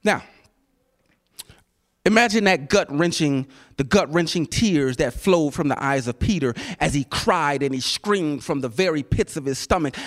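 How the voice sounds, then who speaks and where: A man preaching with a high, highly animated voice. He climbs into shouted peaks, then drops to near whispers, repeating words as he drives each point home. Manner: dramatic preaching, swinging from shouts to hushed whispers; conversational, repeats words for emphasis. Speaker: pastor. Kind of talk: sermon.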